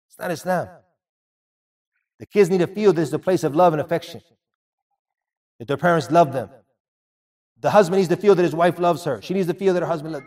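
A man's voice: fairly high pitch, darkish tone, distant mic. A man giving a sermon, earnest and repeating phrases for emphasis. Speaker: preacher.

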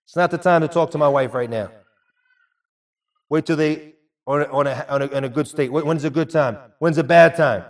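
A man's voice: a little high, normal speed. Earnest male preacher, heard from a distance. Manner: earnest, repeats phrases for emphasis. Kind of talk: sermon.

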